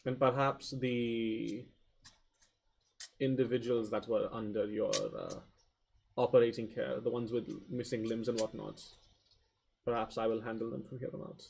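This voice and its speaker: A man playing his character in a tabletop game, speaking formally and in a measured, aloof way. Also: medium pitch, little pitch movement, vocal fry, a little mellow, a little hiss or hum. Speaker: player. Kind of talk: in-character roleplay.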